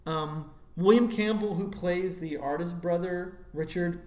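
A man's voice: high-pitched, unhurried, a little mellow. A man co-hosting a casual film podcast, rambling through asides and fillers. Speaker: podcast co-host. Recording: roomy echo.

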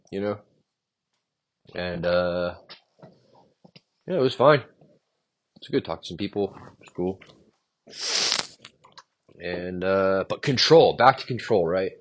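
Young male solo podcaster, husky, animated pitch, meandering and profane. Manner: meandering, profane, trails off quietly. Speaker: podcast host. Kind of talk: rambling solo monologue.

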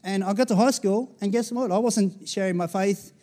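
An Australian man in his forties preaches in a fairly high voice. His tone is loose and conversational, and he keeps turning to the congregation with little asides. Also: moderate pace, mellow. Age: 40s. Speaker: pastor. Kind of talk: sermon.

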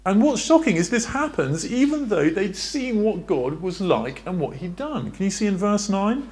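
A male preacher delivers a sermon in a church with an animated, swooping delivery and a slightly high voice. He keeps putting questions to the congregation and sketches on a board as he goes. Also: normal speed. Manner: lively, asks the congregation questions, draws on a board.

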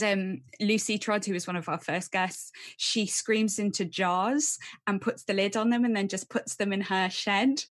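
A woman co-hosting a podcast, talking in an earnest, rambling way with frequent restarts. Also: medium pitch. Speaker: podcast co-host. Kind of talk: casual podcast chat.

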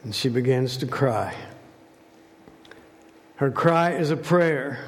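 A man's voice: medium pitch, slow, pauses often. A man preaching a sermon, telling a story dramatically and asking rhetorical questions. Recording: long hall reverb.

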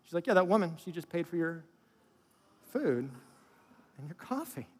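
A middle-aged male pastor preaching a conversational sermon, asking the audience questions and dropping into quiet asides. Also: fairly high pitch, sing-song, moderate pace, slightly rough, in a large hall.

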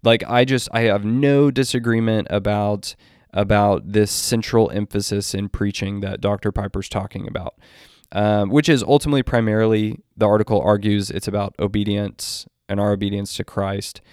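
A man's voice: fairly low pitch, steady tone, a little mellow, clear, resonant tone, no room sound, clean studio sound. A man giving a spoken commentary on a theology article. He reads long quotes and often restarts his sentences as he reasons aloud. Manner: deliberate, quotes text at length with restarts. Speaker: Christian commentator.

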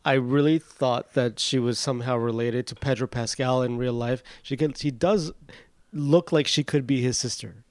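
A man co-hosting a podcast in casual chat, hesitant and trailing off into quiet asides. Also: medium pitch, steady tone, moderate pace, no room sound. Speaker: podcast co-host.

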